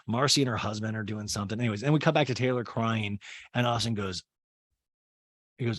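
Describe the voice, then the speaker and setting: A man's voice: fairly low pitch, fairly quick, pauses often, no room sound, clean studio sound. A man hosting a comedic TV recap, sarcastic and swearing freely as he acts out the scenes. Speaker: host.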